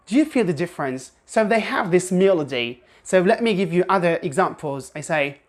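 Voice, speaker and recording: Woman with a lowish voice, running a pronunciation lesson, drills words slowly. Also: sing-song. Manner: slow, drawn-out example words repeated for practice. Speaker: English pronunciation teacher.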